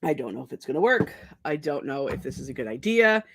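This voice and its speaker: A woman's voice: deep voice, sing-song, quick pace, no echo. Scattered, sleep-deprived woman streamer. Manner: rambling, scattered, self-deprecating, laughs often. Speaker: streamer hosting a productivity stream. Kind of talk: casual live-stream chat.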